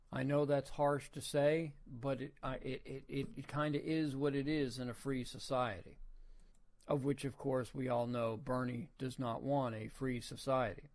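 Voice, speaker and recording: A man hosts a casual opinion podcast in an ordinary middle-range voice. He talks informally, poses rhetorical questions to his listeners, and often stops and restarts his sentences. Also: medium pitch. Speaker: podcast host.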